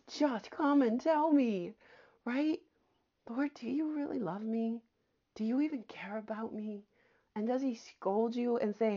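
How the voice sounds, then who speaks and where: A woman teaching the Bible on a podcast, earnest and conversational, often dropping to a soft near-whisper for emphasis. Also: mid-range voice, highs cut off. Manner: warm earnest preaching, often says "my friends" and "amen".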